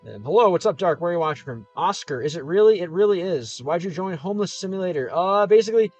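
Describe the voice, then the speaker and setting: A man's voice: high-pitched, expressive, fast talker, darkish tone, no echo. A man streaming live, chatting casually as he reads out viewer comments in a rambling, easygoing way that often stops and restarts mid-sentence. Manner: rambling, self-interrupting, easygoing. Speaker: YouTuber streamer. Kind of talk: casual livestream chat reading comments. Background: faint game soundtrack music.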